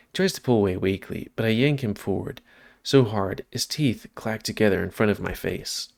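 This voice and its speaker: A man's voice: lowish voice, normal speed, creaky. A man reading a visual novel aloud as a let's play, stumbling and correcting himself now and then, with off-script asides. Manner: reads narration with stumbles and self-corrections, breaks off for asides.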